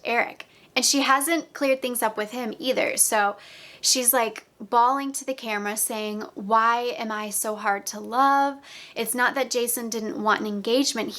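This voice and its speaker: A young woman talks through a reality-show recap in a casual, chatty way, retelling scenes and acting out bits of dialogue. Her voice sits a little high. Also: fairly bright tone.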